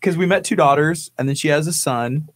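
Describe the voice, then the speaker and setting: A man's voice: a little high, a little fast, no room sound. Teasing male radio host, dry sound. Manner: joking, teasing, laughs often. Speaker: radio morning show host. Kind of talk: casual studio banter. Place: radio studio.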